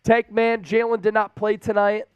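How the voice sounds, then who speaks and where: A man hosting a sports live stream, chatting casually and excitedly straight to his viewers as he reads out their donations. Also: sits high, normal speed, clear, resonant tone, no echo, highs cut off, soft background music. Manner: hyped, talks straight to the viewers.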